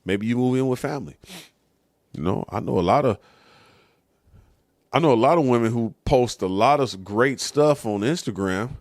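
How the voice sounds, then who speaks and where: A man's voice: medium pitch, lively intonation, moderate pace, long pauses, darkish tone, no room sound, clean studio sound. A man hosting his show, talking through a casual, conversational monologue. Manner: conversational, says "you know what I'm saying". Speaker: host.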